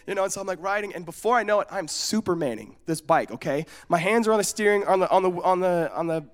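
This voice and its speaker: A young man from Oregon preaching in a casual, storytelling way, animated and acting out the voices in his stories. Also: high-pitched, fast talker, hardly any pauses. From United States, Oregon. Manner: casual, often asks "you know what I'm saying?". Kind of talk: storytelling sermon.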